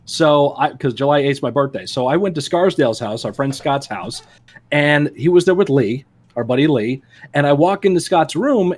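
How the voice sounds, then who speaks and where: Man, podcast co-host, animated pitch, slightly high voice, casual storyteller. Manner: animated storyteller, laughs often, acts out quotes. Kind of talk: casual chat.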